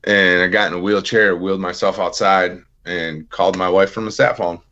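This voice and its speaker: A man's voice: low-pitched, steady tone, moderate pace, pushed and bright, muffled recording. A man in his thirties, a veteran guest on an interview podcast, telling his story plainly in a casual, self-deprecating way. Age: 30s.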